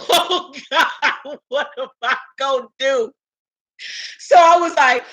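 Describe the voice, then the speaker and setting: A woman vlogger tells a casual storytime in a high voice that sounds pushed and bright, captured on a rough recording. Her talk is slangy and profane, she laughs often, and she quotes her own thoughts in her inner voice.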